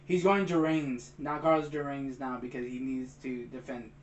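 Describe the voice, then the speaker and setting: A young man co-hosting a movie review, retelling the plot quickly and excitedly. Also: mid-range voice, roomy sound, a little hiss or hum. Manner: excited, fast retelling, says "bro". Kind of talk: casual movie chat.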